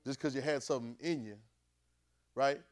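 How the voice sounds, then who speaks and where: Animated preacher man, soft then loud. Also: moderate pace. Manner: call-and-response, keeps asking "right?"; swings from low murmur to sudden loud bursts. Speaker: preacher teaching a class. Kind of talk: conversational sermon.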